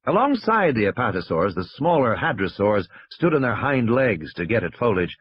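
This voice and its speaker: Reading an audiobook at normal speed and a steady storytelling rhythm, a man lets his slightly husky voice rise and fall animatedly. There's no room sound; the audio is dry and somewhat muffled.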